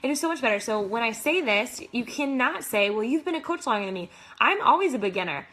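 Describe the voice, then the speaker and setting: A woman's voice: fairly high pitch, animated, brisk, a bit bright. A young adult woman, a fitness coach, giving enthusiastic, casual motivational advice to other coaches with lots of "like".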